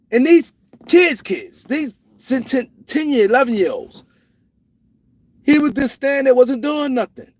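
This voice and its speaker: Animated New man telling stories. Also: very high-pitched, measured pace, no echo. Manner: animated storytelling with repetitions and restarts. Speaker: host. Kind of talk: casual livestream commentary.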